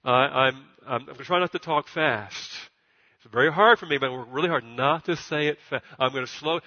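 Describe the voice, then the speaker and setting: Emphatic preacher man, long hall reverb. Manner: emphatic, builds to loud high peaks, repeats words; stutters at times. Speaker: pastor. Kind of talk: sermon. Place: church. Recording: dull recording with long church reverb.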